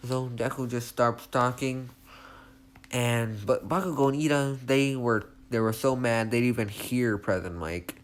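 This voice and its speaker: A man's voice: medium pitch, normal speed. A young man casually retelling a fan story, rambling and hesitant with many restarts.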